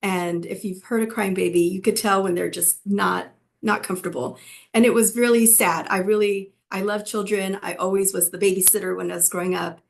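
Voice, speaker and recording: A woman's voice: medium pitch, steady tone, brisk, vocal fry. A middle-aged woman from California telling her personal story to students in a conversational way, with frequent fillers and restarts. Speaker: physician assistant and educator.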